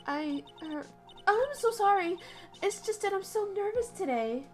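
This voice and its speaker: A woman's voice: very high-pitched, animated, a little slow, darkish tone, soft background music, pitched above the performer's own voice. A woman voicing a nervous young rookie lawyer who talks in a flustered, defensive way.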